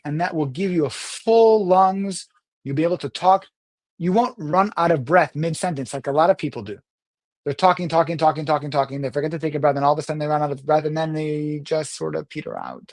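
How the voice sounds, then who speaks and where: A man teaching public speaking in an unscripted online presentation, explaining earnestly, slowing down on key words and often correcting himself mid-sentence. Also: fairly high pitch, dry recording. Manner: earnest and explanatory, uneven pace with slow stressed words; self-corrections and restarts.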